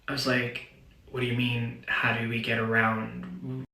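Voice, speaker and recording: A man from India tells a story for a social media clip at a measured, deadpan pace. His voice is bright and a little tense, and the room around him sounds echoey. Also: mid-range voice.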